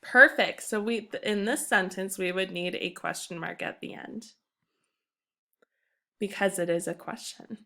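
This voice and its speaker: A woman's voice: medium pitch, measured pace, pushed and bright. A young woman teacher giving an upbeat, emphatic recorded grammar lesson to her class. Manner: upbeat, emphatic classroom delivery, reads examples aloud.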